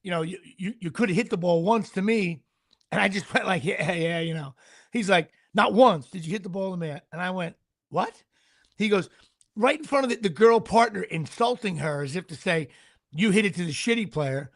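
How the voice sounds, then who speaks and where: A man's voice: high voice, normal speed, vocal fry. A middle-aged man hosting a casual chat, telling a story with laughs and acting out what people said. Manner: animated, laughs mid-story, acts out quotes. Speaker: podcast host.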